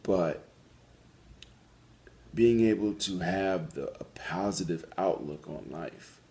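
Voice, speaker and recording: A man with a very deep, low voice hosts a call-in show on his own. He talks earnestly and reflectively, often pausing, saying "um," and starting a phrase over before he finds it. The tone is sincere, unscripted storytelling. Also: dark tone. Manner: earnest, reflective storytelling with frequent pauses and restarts. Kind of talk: solo monologue on a talk show.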